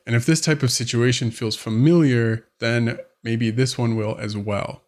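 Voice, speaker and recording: A man with a mid-range voice speaks at a moderate pace with few pauses. He's a relationship coach giving advice straight to camera in a vlog, chatting conversationally and acting out everyday scenes with quoted voices.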